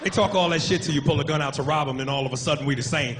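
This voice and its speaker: A man's voice: fairly high pitch, rapid-fire, few pauses. A man performing a stand-up comedy set in a club, with a profane, punchy, swaggering delivery. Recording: noisy live club recording.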